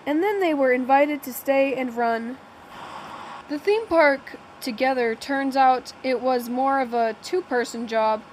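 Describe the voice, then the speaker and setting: Woman, audiobook narration, high pitch, frequent slips and restarts, faint background hum. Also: low-quality recording. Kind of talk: first-person novel reading.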